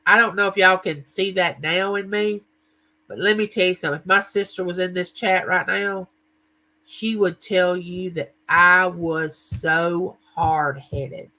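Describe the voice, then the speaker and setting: A man hosts a casual livestream, chatting away and greeting his viewers by name. His voice is bright and forceful, and he keeps things conversational as he tells his stories. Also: high voice, steady tone, measured pace, poor audio. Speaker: livestream host.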